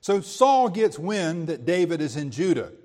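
A man's voice: a little high, sing-song, a little slow, mellow, long reverb tail. A man teaching a verse-by-verse Bible sermon in a conversational way, with quips and rhetorical questions. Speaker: preacher.

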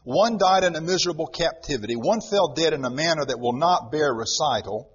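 Male preacher, lively swinging pitch, slightly husky, dull lo-fi sound, long hall reverb. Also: fairly quick. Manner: dramatic, emphatic, repeats words for stress. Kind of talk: sermon.

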